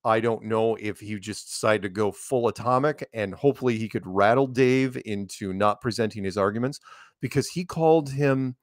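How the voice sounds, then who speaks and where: A man's voice: fairly low pitch, moderate pace, no room sound, studio quality. Chatty, laughing man guest. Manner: chatty, laughing, rambling with fillers. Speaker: interview guest. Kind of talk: casual comedic interview chat.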